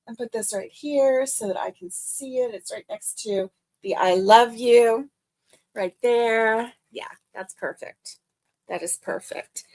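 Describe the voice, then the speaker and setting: A woman's voice: a little high, animated, slow, darkish tone. An older woman hosting a crochet live stream, chatting in a gushing, friendly way and laughing easily. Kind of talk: casual live stream chat.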